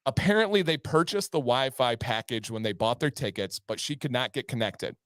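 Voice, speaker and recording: Animated man telling a story. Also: mid-range voice, brisk, clear, resonant tone, dry recording, studio quality. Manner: animated, acts out voices in the story. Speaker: podcast co-host. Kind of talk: casual storytelling.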